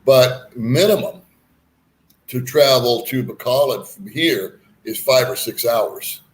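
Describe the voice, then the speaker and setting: A man's voice: mid-range voice, slow. A man hosting a casual chat, talking in a rambling, frank way with folksy asides. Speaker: host.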